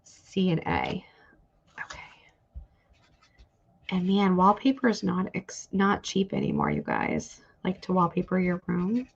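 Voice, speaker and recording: Woman, live sale host, casual rambling chat, slow, gravelly, dull audio with faint hiss. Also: fairly low pitch, animated. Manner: chatty, rambling, thanks viewers by name. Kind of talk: casual live-stream selling.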